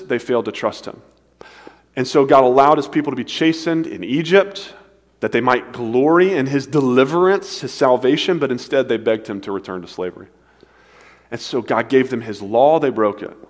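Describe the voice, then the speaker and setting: A man preaching a sermon with a dynamic delivery, swinging between emphatic, raised passages and hushed, quiet ones. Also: medium pitch, normal speed. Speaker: pastor. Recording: long reverb of a large hall.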